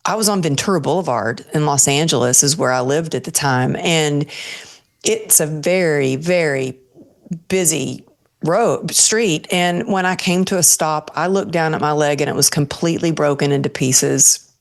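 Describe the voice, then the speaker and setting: A woman's voice: low-pitched, moderate pace. A woman guest on an interview show, earnestly telling a personal story and acting out her own thoughts as she goes.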